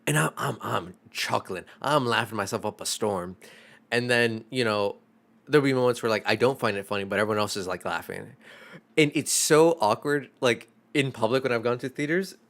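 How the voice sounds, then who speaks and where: A man's voice: medium pitch, normal speed, vocal fry, a bit bright. A young man, a streamer, chatting casually in a rambling, self-deprecating way, swearing freely. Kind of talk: casual chat.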